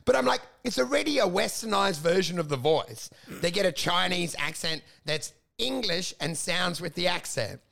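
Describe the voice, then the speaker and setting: A man's voice: high-pitched, moderate pace, vocal fry, few pauses. A man in his thirties, a comedian ranting and joking in casual podcast chat. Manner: animated, ranting, joking, puts on mock voices.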